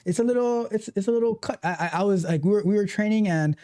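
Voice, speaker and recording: A woman's voice: medium pitch, fast talker, mellow. A woman coach giving a motivational talk, speaking emphatically, repeating her points and acting out how people react. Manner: emphatic, repetitive, acts out quoted reactions.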